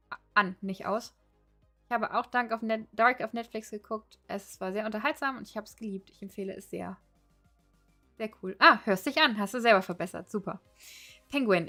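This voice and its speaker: A woman's voice: mid-range voice, a bit bright. Chatty woman streamer reading comments. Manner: chatty, laughs often, switches between English and German. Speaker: language-learning streamer. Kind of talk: casual livestream chat reading comments.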